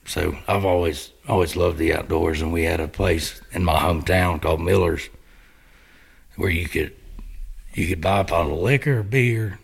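Gravelly deep-voiced man. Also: moderate pace. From Missouri, USA. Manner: laid-back storyteller, rambling with fillers. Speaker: guest. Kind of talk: casual podcast chat.

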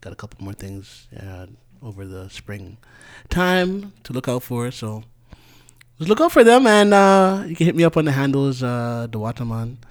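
Soft-spoken man, podcast guest. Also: medium pitch, very animated, normal speed. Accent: Trinidadian. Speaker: guest musician. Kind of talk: casual podcast chat.

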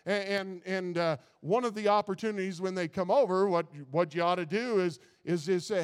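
A man's voice: high-pitched, normal speed, hardly any pauses, smooth. Folksy male preacher in a reverberant hall. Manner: folksy, repeats words at restarts. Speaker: pastor. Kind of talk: sermon.

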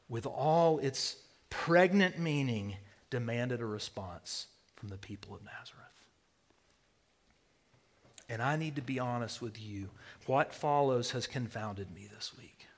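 A man preaching a sermon, swinging between loud declarations and hushed near-whispers. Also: medium pitch, expressive, slow, long pauses. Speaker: pastor.

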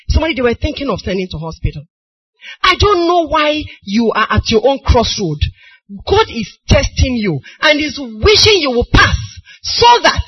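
Nigerian lady preacher, husky voice, goes soft then cries out loud, muffled lo-fi recording. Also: high voice. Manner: emotional, swings from soft storytelling to crying shouts. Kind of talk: sermon. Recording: dull lo-fi recording.

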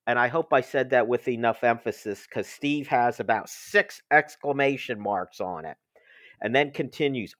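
A man's voice: medium pitch, moderate pace, fairly bright tone, dry recording, studio quality. A man hosting a sports talk show, reading ads and listener questions with playful emphasis. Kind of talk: casual sports chat and ad reads.

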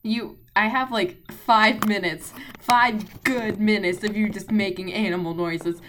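A woman's voice: medium pitch, steady tone, unhurried, hardly any pauses, a bit bright, slight background noise. A woman hosting a podcast over a call, sarcastic and exasperated in casual chat. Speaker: podcast host.

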